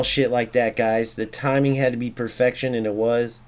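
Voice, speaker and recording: Brief: young male streamer, mid-pitch, excitable live gameplay commentary, swears freely, rants. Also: moderate pace, hardly any pauses. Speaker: gaming streamer.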